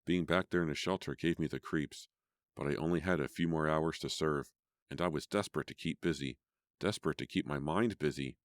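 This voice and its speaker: A man narrating a teen horror audiobook in a measured, even storytelling voice. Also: a bass voice, no room sound, studio quality. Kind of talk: scripted narration.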